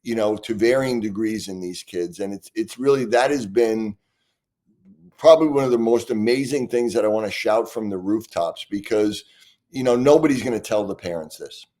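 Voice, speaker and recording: A man's voice: lowish voice, moderate pace, darkish tone. A man, a guest expert in an interview, speaking earnestly and passionately, often restarting his sentences. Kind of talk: conversational interview answers.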